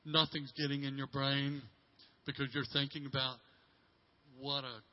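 A middle-aged male pastor telling a story in a sermon, halting and repeating words, dropping from loud to hushed. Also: mid-range voice, level tone, dull audio.

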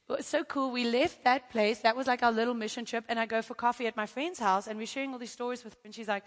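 A woman's voice: a little high, quick pace, hardly any pauses, big-room sound. A woman preaching and telling a testimony, acting out the people in her story. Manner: animated storytelling, acting out quotes. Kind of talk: sermon testimony.

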